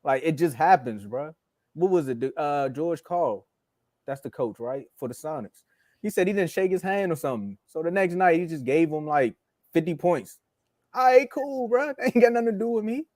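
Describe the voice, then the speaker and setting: A man co-hosting a sports podcast, telling stories in a relaxed, casual way and acting out quotes. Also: on the high side, moderate pace, no echo. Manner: relaxed storyteller who acts out quotes.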